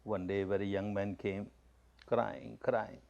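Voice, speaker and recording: A man's voice: fairly low pitch, steady tone, slow pace, vocal fry, darkish tone, lo-fi sound. Man giving an emphatic spoken discourse. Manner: repetitive, emphatic, plain-spoken storytelling. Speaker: spiritual teacher giving a discourse.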